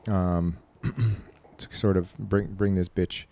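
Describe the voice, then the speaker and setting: A man's voice: low-pitched, flat delivery, slow pace, vocal fry, mellow. Man hosting, prompting the guest. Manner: prompting, encouraging interviewer. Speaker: podcast host. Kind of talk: casual podcast chat. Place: studio.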